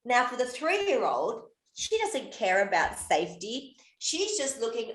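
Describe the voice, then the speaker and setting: A woman's voice: fairly high pitch, measured pace, hardly any pauses. A woman in her fifties co-hosting a casual podcast, talking animatedly, swearing now and then and acting out little scenes. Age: 50s. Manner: animated, swearing, acts out child and mother voices. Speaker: podcast co-host and coach. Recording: echoey room.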